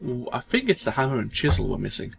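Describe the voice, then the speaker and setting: A man hosting a let's play, casually commenting on his gameplay in a relaxed, self-deprecating way, thinking aloud as he goes. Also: mid-range voice, fast talker, gravelly, a little hiss or hum.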